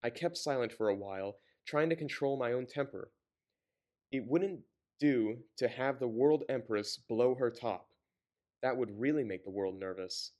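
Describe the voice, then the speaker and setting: A man's voice: mid-range voice, a little slow, a little mellow. A man reading a novel aloud, often stumbling, correcting himself and breaking off with sarcastic commentary. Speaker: reader and commentator.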